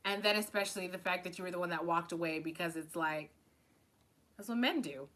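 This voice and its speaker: A woman's voice: on the low side, brisk, a bit bright. A woman tarot reader hosting a live stream, talking loosely and casually with lots of fillers, swearing and laughing often.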